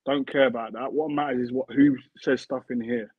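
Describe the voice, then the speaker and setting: A slightly rough mid-range voice, fairly even in intonation and fairly quick, comes from a former football player in his thirties. He's a casual interview guest speaking earnestly and repeating himself as a point takes shape. The recording is dry and tinny, like a phone-style remote connection.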